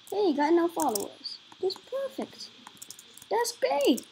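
A woman's voice: extremely high pitch, sing-song, slow pace, a little mellow, slight background noise, low-quality recording. A woman giving rambling, giggly let's-play commentary, talking to herself as she plays and slipping into joke accents. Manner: rambling, giggly, talks to self while playing. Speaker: gameplay commentator.

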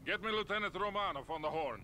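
An actor voicing a weary Soviet major with a dry, wry manner in a game cutscene. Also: male voice, high-pitched, fast, sharp tone. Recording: game audio with noisy ambience.

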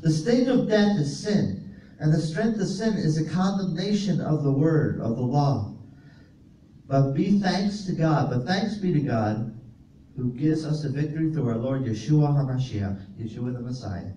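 Here the preacher's voice is fairly high, warm and expressive, unhurried as he reads scripture and unpacks Greek words for the congregation. He's far from the mic in a fellowship hall, so there's roomy echo and faint background noise.

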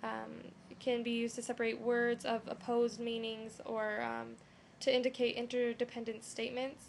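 A young woman walks through a lesson in a loose, conversational way, filling her pauses with "um" and "you know". Her voice sits a little high and has a gravelly edge. A faint hiss stays under the recording. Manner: relaxed, with frequent "um" and "you know". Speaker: teacher. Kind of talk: casual screen-recorded lesson.

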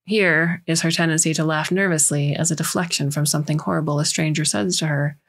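A woman reading a science fiction story aloud in measured, scripted narration. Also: low-pitched, steady tone. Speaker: story reader.

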